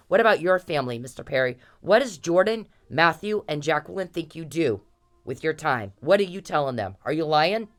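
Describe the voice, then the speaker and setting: An angry woman speaking straight into the camera, confronting someone she wants out of her life. Her talk is blunt and profane, and she drives her points home by repeating phrases again and again. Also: deep voice. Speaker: vlogger. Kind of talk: angry direct-to-camera rant.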